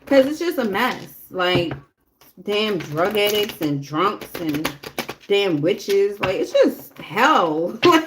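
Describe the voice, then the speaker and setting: A woman's voice: mid-range voice, big pitch swings, slow, noisy background. A woman giving a casual live tarot reading, talking bluntly and chattily straight to her viewers. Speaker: tarot reader.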